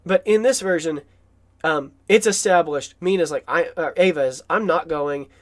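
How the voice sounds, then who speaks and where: A man's voice: fairly high pitch, moderate pace. A man giving an enthusiastic, rambling film commentary, with asides and chuckles.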